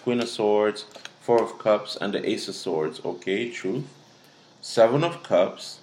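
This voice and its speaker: A man from Africa giving a casual tarot reading to camera, blunt and profane as he scolds the viewer. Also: fairly low pitch. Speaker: tarot reader. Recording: echoey room.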